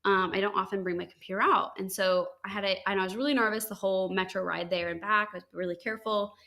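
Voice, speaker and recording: Young woman, from the US, podcast host, casual storytelling, rambling, lots of fillers. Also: fast talker. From United States. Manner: chatty, animated quotes with high-pitched acted lines, frequent likes and ums.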